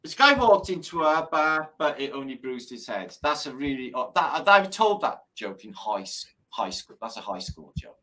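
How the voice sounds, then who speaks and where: A man's voice: mid-range voice, very animated, moderate pace, few pauses, sharp tone. A man hosting a live stream, chatting casually, swearing freely and telling dad jokes. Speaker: livestream host.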